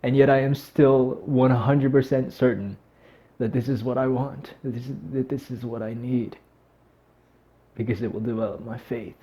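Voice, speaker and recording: A teary man on the verge of crying, speaking straight to the camera in an emotional, halting voice with a middling pitch. The audio is a bit dull and lo-fi. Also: steady tone. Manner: emotional and halting, breaking into nervous laughs. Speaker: vlogger. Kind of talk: heartfelt talk to camera.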